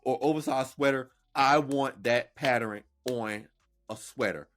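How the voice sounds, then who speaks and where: A man's voice: medium pitch, unhurried. A man hosting a podcast, talking in a sassy, playful way as casual reaction commentary. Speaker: podcast host.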